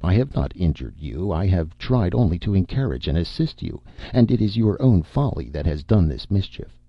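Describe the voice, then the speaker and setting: Man voicing a calm meddling ghost uncle. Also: low voice, normal speed, dry recording, muffled recording, exaggerated voice. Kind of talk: audiobook narration.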